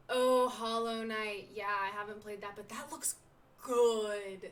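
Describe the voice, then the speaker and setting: A woman's voice: mid-range voice, fairly even intonation, a little slow, recorded from a distance, poor audio. A woman streaming a game live, chatting and rambling to her viewers. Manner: chatty, rambling, talks to chat. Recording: off-mic with game music.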